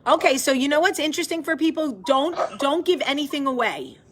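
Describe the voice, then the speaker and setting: A woman's voice: high-pitched, expressive, brisk, crowd noise. A woman from the hosting a casual live video chat with viewers, effusive and chatty. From American South. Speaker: host.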